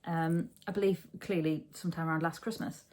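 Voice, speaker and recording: A woman's voice: low voice, steady tone, brisk, darkish tone. A woman chatting casually at home as host of a knitting podcast, rambling and often correcting herself. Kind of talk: casual chat.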